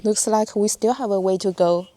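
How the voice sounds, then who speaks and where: A young woman with a mid-range, dark-toned voice vlogs casually at a normal speed while hiking through a narrow, humid crack in a cliff. She chats with her viewers as she walks.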